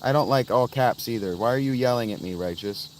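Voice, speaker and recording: A man's voice: medium pitch, fairly quick, slight background noise. A man casually chatting on a livestream from inside a tent, answering viewers in the chat by name. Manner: rambling, answers chat viewers by name, sudden sing-song chanting. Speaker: livestream host reading chat.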